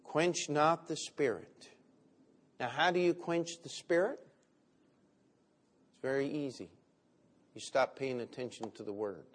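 A man preaching a sermon, with big swings between loud and quiet. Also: medium pitch, lively intonation, unhurried, pauses often. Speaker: pastor.

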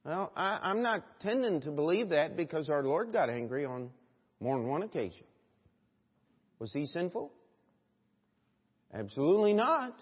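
A male American pastor preaching a sermon in a church, moving from quiet reflection to loud, emphatic exhortation and often calling out "Amen?" to the congregation. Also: fairly high pitch, sing-song, moderate pace, pauses often, slightly rough. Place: church sanctuary. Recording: dull recording with long church reverb.

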